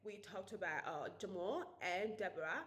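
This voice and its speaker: A woman's voice: medium pitch, normal speed, a bit bright, natural voice. A woman trying out a British accent, hesitant and full of fillers.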